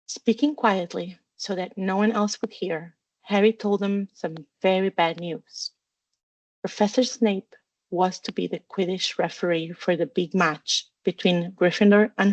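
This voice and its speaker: A woman narrating a fan fiction storybook with steady, even reading. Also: medium pitch, unhurried, dry recording. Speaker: audiobook reader.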